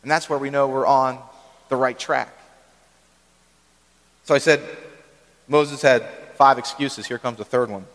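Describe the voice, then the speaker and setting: A man preaching a sermon in a church, talking conversationally and checking in with the congregation with quick asides. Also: mid-range voice, fairly even intonation, fairly bright tone, long reverb tail. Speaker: pastor.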